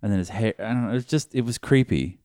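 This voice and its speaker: A man from the area chatting casually as a podcast co-host, animated and profane, breaking into high mocking voices when he quotes people. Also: quick pace, no echo, studio quality. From Boston area, USA. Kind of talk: casual chat.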